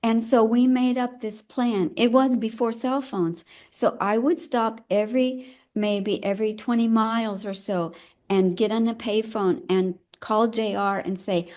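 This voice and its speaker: An older woman, an elder midwife, telling her own story in a conversation, reflective and halting as she searches for her words. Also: on the high side, fairly even intonation, darkish tone.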